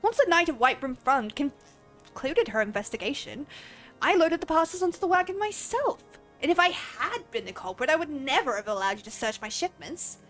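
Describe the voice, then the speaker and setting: Huffy porter from a game, read by a woman, indignant, high lively voice. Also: normal speed, faint music behind. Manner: huffy, reading dialogue aloud. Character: indignant game porter defending his shipments.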